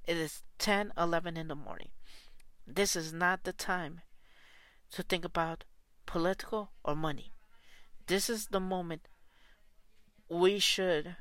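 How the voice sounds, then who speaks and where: A man's voice: fairly high pitch, sharp tone, no echo. A man who coaches soccer, delivering an angry, profane and repetitive spoken rant.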